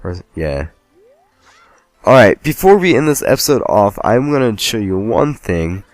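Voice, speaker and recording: A man's voice: lowish voice, big pitch swings, moderate pace, no room sound. A man casually commenting on a game as he plays, rambling and joking at himself. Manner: rambling, joking, self-deprecating. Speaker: let's play host.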